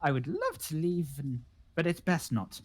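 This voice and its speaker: Player voicing a lonely hermit woman, breathy and husky, high gasping voice, swings up and down. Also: very animated, a little slow. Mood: excited. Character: odd, lonely woman gardener living underground.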